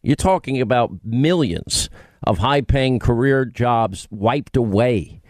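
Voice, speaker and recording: A man's voice: medium pitch, a little mellow, no echo, studio quality. A man from New York hosting a talk radio call-in show, speaking emphatically. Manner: emphatic, rapid-fire opinions.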